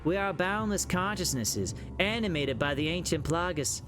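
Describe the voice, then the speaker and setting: A man voicing a creepy plant monster that speaks in a put-on Southern US drawl, slow and fumbling. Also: a little high, expressive, noisy background, close to an everyday voice.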